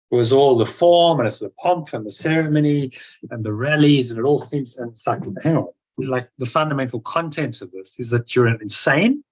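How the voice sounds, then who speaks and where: A man leading a relaxed spiritual study discussion, talking conversationally with frequent fillers and restarts. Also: medium pitch, rough recording. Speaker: discussion leader.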